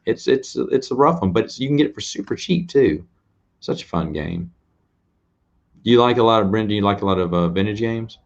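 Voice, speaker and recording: A fairly low-voiced man chats casually on a late-night stream, rambling and poking fun at himself. His voice comes through a dull, lo-fi recording. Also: lively intonation, a little fast, vocal fry. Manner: rambling, self-deprecating, laughs often. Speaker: host answering viewers' questions.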